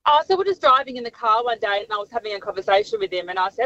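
A mother calling a radio show, animated as she tells a story about her son. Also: on the high side, rapid-fire, hardly any pauses, highs cut off, slight background noise. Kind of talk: telling an anecdote on the phone.

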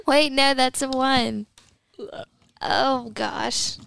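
A woman's voice: sits high, drawn-out words, creaky, fairly bright tone, slight background noise. A woman co-hosting a casual studio chat, bubbly, giggly and easily flustered. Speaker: co-host.

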